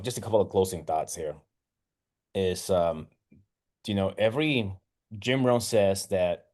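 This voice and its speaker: A man's voice: deep voice, a little mellow. A man hosting a casual talk, retelling a parable in a rambling way with many restarts. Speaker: host.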